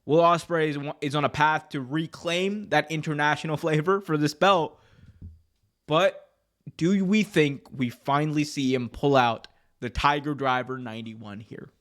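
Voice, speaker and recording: A man co-hosting a casual wrestling preview podcast, animated and jokey. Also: fairly high pitch, measured pace. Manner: animated, jokey, puts on mock accents. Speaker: podcast co-host.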